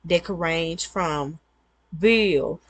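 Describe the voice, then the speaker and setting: A woman vlogger with a lowish voice and drawn-out words offers her viewers earnest, repetitive advice in a casual, conversational monologue.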